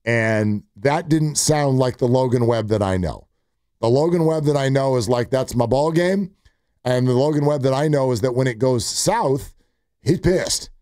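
A man's voice: medium pitch, normal speed, dry recording, studio quality. A man hosting sports talk radio, telling stories animatedly and acting out what others said. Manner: animated storytelling with quoted asides.

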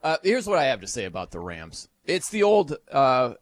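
A man hosting a casual sports talk show, animated and quick to laugh, firing off rhetorical questions. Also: medium pitch, no room sound.

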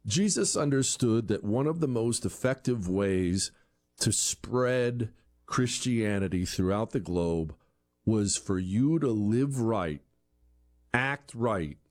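A man's voice: on the low side, animated, slow, a little mellow. A man giving an opinion monologue, asking rhetorical questions and acting out quoted voices, often repeating words as he restarts. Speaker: commentary show host.

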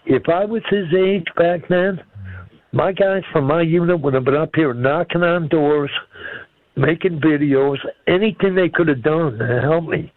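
A man's voice: fairly high pitch, a little slow, no room sound. Older caller, man, folksy and blunt, heard over a tinny phone line. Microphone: telephone.

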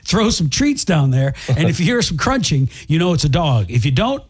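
A man with a fairly high, husky voice that swings up and down a lot as he jokes his way through a radio show. He reads odd news items and riffs on them in loose, wry banter with his co-host. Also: big pitch swings, moderate pace.

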